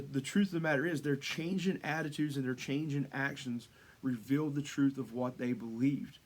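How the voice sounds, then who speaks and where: In a relaxed, talky devotional sermon, a male pastor speaks in a mid-range voice. His rhetorical questions rise in pitch, and the talk is full of asides and restarts.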